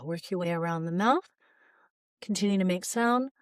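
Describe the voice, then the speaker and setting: Calm woman voice coach, dry sound. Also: lowish voice, moderate pace, dry recording. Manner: calm, gently guiding, models sighs and open "ah" sounds. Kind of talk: guided vocal exercise instruction.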